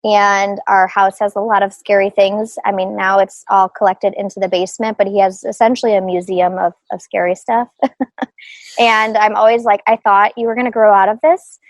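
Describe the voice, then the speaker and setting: A woman's voice: mid-range voice, flat delivery, moderate pace, no room sound, low-quality recording. A middle-aged woman talking casually as an interview guest, laughing often and full of fillers and restarts. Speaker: guest, group practice owner.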